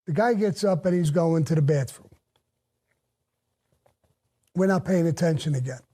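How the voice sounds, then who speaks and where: A man's voice: fairly high pitch, normal speed, mellow. An older man bluntly recounting his past in a casual, profane storytelling way, with faint music behind.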